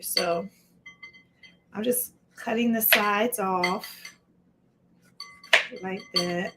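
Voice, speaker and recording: A woman's voice: medium pitch, fairly even intonation, extremely slow, pauses often, heavy background noise. A woman hosting a casual live cooking stream from her home kitchen, chatting to viewers by name while she chops. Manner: chatty, greets viewers by name mid-task. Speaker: livestream cooking host.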